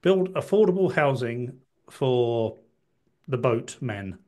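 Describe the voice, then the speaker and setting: A man's voice: medium pitch, expressive, slow pace, darkish tone. A man talking as a guest on a political podcast, hesitant and full of restarts, with wry asides.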